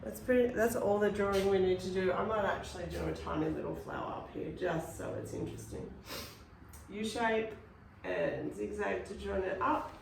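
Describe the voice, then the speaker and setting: A woman's voice: mid-range voice, very animated, normal speed, vocal fry, slight background noise. A woman teaching an unscripted art class, chatty and encouraging as she talks through each step. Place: art studio. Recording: roomy, from a distance.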